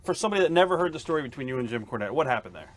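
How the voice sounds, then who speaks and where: A man interviewing a guest with quick, loose questions. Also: medium pitch, very animated. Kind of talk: casual interview.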